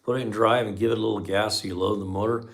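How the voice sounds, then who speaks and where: A man's voice: on the low side, steady tone, racing, vocal fry. A middle-aged man hosting a live stream as a mechanic, chatting casually with viewers and telling folksy shop stories. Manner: folksy storyteller, says man a lot.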